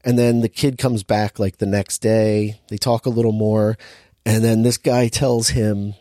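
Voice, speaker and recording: A man's voice: on the low side, little pitch movement, a little slow, dark tone, no room sound, clean studio sound. A man casually recapping a movie plot in a rambling way, full of "like" fillers.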